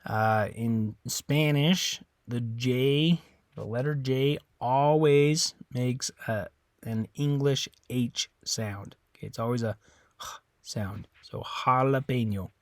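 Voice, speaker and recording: A man teaching in a casual, informal way, repeating words slowly and often correcting himself. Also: mid-range voice, no echo. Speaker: Spanish teacher. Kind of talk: informal classroom explanation.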